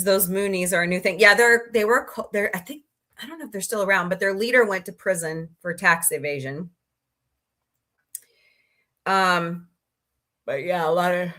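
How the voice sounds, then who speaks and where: A woman's voice: medium pitch, a bit bright. A woman hosting a casual livestream, chatting in a rambling way, sniffly, and greeting viewers by name. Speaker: livestream host.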